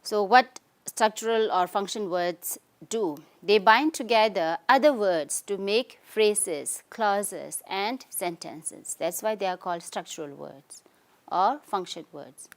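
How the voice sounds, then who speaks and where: A woman's voice: mid-range voice, slow pace. Female English teacher, Tibetan accent, patient step-by-step explainer, keeps asking "okay?". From Tibetan community in India. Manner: explanatory, frequent "okay?" and "you can say" checks. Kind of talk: recorded lesson.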